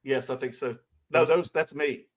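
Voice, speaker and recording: A middle-aged man with a Southern US accent, co-hosting a casual card collecting livestream, greeting viewers with loud sing-song shout-outs. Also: mid-range voice, moderate pace. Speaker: co-host of a card collecting show.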